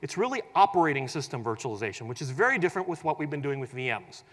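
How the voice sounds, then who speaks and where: A man giving a tech conference keynote in a large hall, energetic and humorous, acting out quoted scenarios as he explains. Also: a little high, very fast. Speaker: conference presenter. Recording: long hall reverb.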